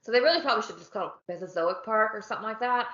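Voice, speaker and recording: A woman's voice: mid-range voice, lively intonation, very fast, fairly bright tone, reverberant, muffled recording. A woman co-hosting a casual chat podcast, joking and trailing off mid-sentence. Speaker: podcast co-host. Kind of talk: casual chat over wine.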